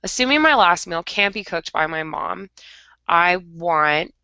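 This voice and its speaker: A woman's voice: on the low side, animated, a little slow, sharp tone, smooth, dry recording, lo-fi sound. A woman co-hosting a podcast over a video call, rambling in a melodramatic, chatty way. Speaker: podcast co-host. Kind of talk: casual chat.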